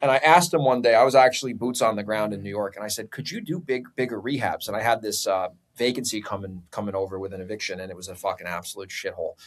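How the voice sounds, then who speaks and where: A man, a real estate investor guesting on a podcast, telling a story in a casual, profane, animated way. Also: lowish voice, quick pace, hardly any pauses.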